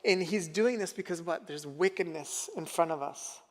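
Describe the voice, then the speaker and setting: A man's voice: fairly high pitch, normal speed, big-room sound. A male pastor preaching a conversational sermon, often putting questions to the congregation. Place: church sanctuary.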